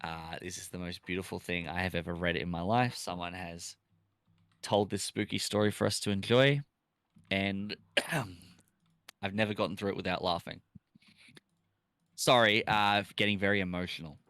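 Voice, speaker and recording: Chatty young man streamer, low voice. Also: fairly even intonation, moderate pace, pauses often, a bit bright, clear, resonant tone, no room sound, clean studio sound. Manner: chatty, laughs often, reads chat aloud. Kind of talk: casual live-stream chat.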